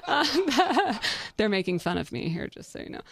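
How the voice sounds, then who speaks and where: A woman hosting a podcast, giving a conversational leadership talk in a lively way, laughing often and making self-deprecating asides. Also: on the high side, moderate pace, slightly rough, no room sound. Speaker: podcast host.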